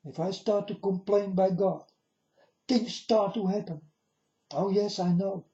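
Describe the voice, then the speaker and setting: Recorded in dull lo-fi quality, a video blogger speaks a little slowly in a high, mellow voice with fairly even intonation. His solemn monologue to camera is full of warnings for viewers, whom he often calls "folks."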